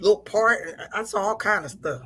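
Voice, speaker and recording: A woman co-hosting a radio show, joking bluntly in casual chat, with a husky voice. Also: mid-range voice, lively intonation, brisk, crowd noise. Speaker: radio co-host.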